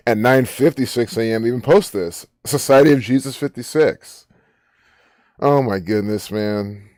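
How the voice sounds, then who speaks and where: A man's voice: medium pitch, measured pace, darkish tone, no echo, clean studio sound. A man giving rambling, profane, incredulous commentary while reading social media posts. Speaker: online commentator.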